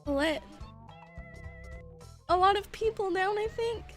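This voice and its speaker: A young woman streamer talking haltingly on a livestream, tearful, with many fillers, curses and nervous laughs. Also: very high-pitched, fairly bright tone, soft background music. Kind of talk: emotional livestream chat.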